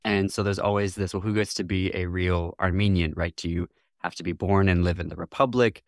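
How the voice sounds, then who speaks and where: A deep-voiced interview guest from Northwest Lower Michigan, US, reflects thoughtfully in conversation. He laughs often and acts out what others said, captured at studio quality with no echo.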